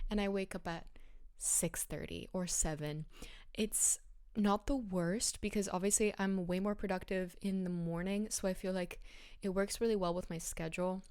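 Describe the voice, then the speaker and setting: A woman's voice: medium pitch, a little mellow, clean tone, dry recording, studio quality. Chatty young woman podcast host. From Bulgaria. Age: young adult. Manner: chatty, rambling, self-deprecating, with fillers. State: a little out of breath. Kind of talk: casual chat.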